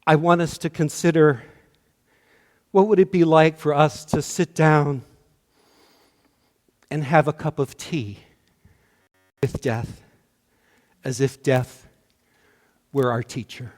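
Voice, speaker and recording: A man delivering a sermon as minister, slow and measured, his voice often dropping to a hush at the ends of lines. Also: fairly high pitch, fairly even intonation, long reverb tail. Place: church sanctuary.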